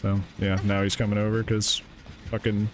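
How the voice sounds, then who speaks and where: A man's voice: on the low side, completely flat delivery, normal speed, a little hiss or hum. A young man streaming a video game, ranting sarcastically and swearing often in casual commentary.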